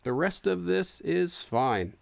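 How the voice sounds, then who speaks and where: A man's voice: high-pitched, animated, slow, vocal fry, dry recording. A young man hosting a casual let's-play, chatting, laughing often and translating game text as he goes. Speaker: gaming channel host.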